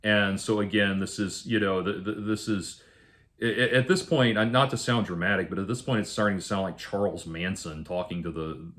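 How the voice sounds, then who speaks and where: Man with a somewhat low voice who tells a personal story casually and halts often. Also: steady tone, fairly bright tone. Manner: halting, restarts and self-corrections. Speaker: vlogger telling a personal story.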